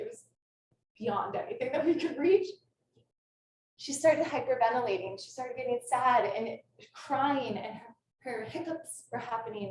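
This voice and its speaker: A woman who teaches kindergarten, giving an earnest, passionate talk to an audience over a video call. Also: fairly high pitch. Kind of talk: presentation to an audience. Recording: echoey room, distant mic, faint noise.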